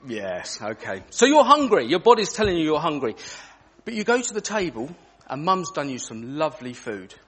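A man speaks to a group of children in church, drawing them in with questions. His voice is a little husky and sits a touch high, swinging up and down with lively emphasis. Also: moderate pace. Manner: animated, asks children questions. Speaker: children's talk leader in church. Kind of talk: interactive children's talk.

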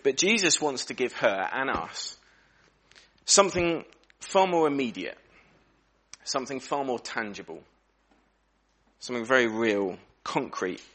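Guy preaching in church, earnest and thoughtful, slows and goes quiet on the big lines. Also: medium pitch, slightly rough. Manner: earnest, reflective, varies pace and volume for emphasis. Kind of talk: sermon.

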